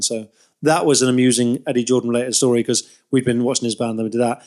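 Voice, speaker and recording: A man in his thirties, a podcast co-host, chatting casually. He tells long, rambling anecdotes, often laughs at his own stories, and his voice sits at an ordinary middle pitch. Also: wildly swooping pitch, fast. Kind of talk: casual chat.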